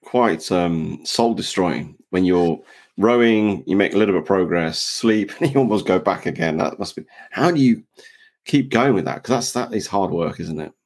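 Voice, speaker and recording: Man, interviewer, very low voice, husky, curious questions. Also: expressive, normal speed. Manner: gently probing questions, laughs along. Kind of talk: conversational interview.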